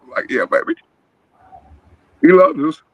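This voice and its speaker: On an open video call panel, a middle-aged man joins as a guest caller and animatedly tells a rambling, earnest personal testimony. His voice sits high and unhurried with a breathy edge, captured without echo in a muffled recording.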